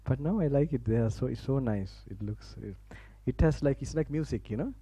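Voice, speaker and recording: A man's voice: medium pitch, lively intonation, fairly quick, warm tone, husky, no room sound, low-quality recording. A man from Sri Lanka speaking English with a Sri Lankan accent, a Buddhist monk giving a Dhamma talk to an audience on a campus. He talks chattily and informally, laughs often and restarts broken phrases as he guides listeners through relaxation. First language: Sinhala. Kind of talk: sermon with guided relaxation instructions. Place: university campus hall, live audience.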